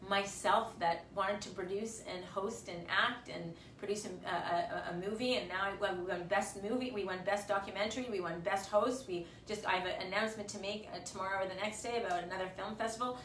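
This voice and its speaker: A woman's voice: mid-range voice, fairly quick, few pauses, a bit bright, reverberant, far from the mic, a little hiss or hum. A woman in her forties, a fitness instructor, giving a tearful, passionate pep talk on a livestream and repeating words for emphasis. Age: 40s. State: tearful, choked up.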